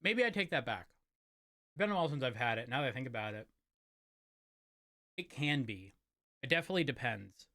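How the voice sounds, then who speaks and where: A man's voice: medium pitch, expressive, brisk, long pauses, pushed and bright, dry recording, studio quality. A man chatting casually while streaming a game, rambling and correcting himself as he eats. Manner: rambling, self-correcting, talks while eating. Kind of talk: casual chat while gaming.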